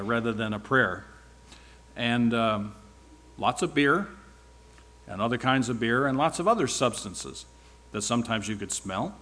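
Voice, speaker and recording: A man's voice: mid-range voice, fairly bright tone. A man speaking at church, giving a rambling, informal sermon-style report with wry asides.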